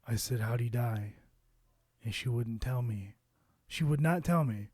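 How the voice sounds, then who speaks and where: A male vlogger casually tells a personal story to camera, rambling along loosely with plenty of fillers and curse words. His mid-range voice has lively intonation at a normal speed, sounding a little mellow and slightly rough, with no echo and clean studio sound.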